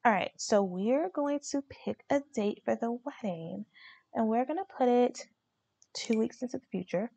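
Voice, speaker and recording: A woman's voice: on the high side, normal speed, gravelly, dark tone, breathy edge, no echo. A young woman hosting a let's play, narrating her game in a chatty, slangy way. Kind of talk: casual game commentary.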